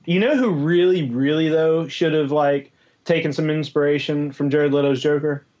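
A man's voice: a little high, normal speed, darkish tone, lo-fi sound. A man co-hosting a podcast in casual banter, rambling and laughing as he talks and swearing casually. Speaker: podcast co-host.

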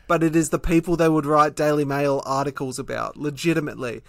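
A man's voice: fairly high pitch, steady tone, fairly quick, creaky, dry recording, studio quality. A man with an Australian accent co-hosting a comedy podcast, ranting in a sweary, sardonic way. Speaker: podcast co-host. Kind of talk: casual comedic chat.

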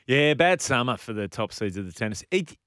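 Joking radio host, lively. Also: male voice, medium pitch, no echo, studio quality. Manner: jokey, puts on quick voices. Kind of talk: casual radio banter.

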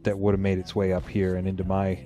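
A man hosts a casual album chat in a fairly low voice, excited and quick to cut across his own sentences. Faint music sits softly behind him. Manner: animated, self-interrupting, bursts of exclamation. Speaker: podcast host.

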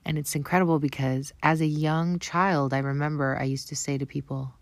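A woman's voice: sits low, fairly even intonation, brisk, few pauses, no room sound. A Canadian woman with a Canadian accent, talking earnestly and affirmingly in a casual spiritual vlog. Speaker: spiritual vlogger.

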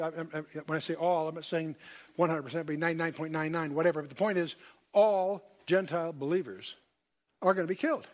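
Bible teacher, male, higher-pitched, stresses points and quizzes the room. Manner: emphatic, repeats key points, asks the audience questions. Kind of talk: Bible study lecture. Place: lecture hall with screen.

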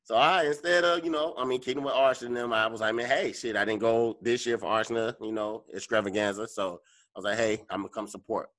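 A man co-hosting a podcast, telling a story in casual, profane chat and acting out his own reactions. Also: quick pace. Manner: animated, profane, acts out his own lines in a higher voice. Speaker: podcast co-host.

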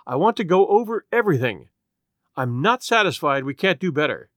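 A man's voice: on the high side, very animated, a little fast, fairly bright tone, no echo, studio quality. A man reading aloud voices a confident county attorney who speaks in an incisive, dismissive manner. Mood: brisk.

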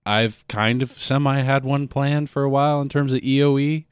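A man's voice: mid-range voice, little pitch movement, normal speed, clean tone, dry recording. A man in casual chat, cutting in with crude jokes and quips. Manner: joking interjections, crude quips.

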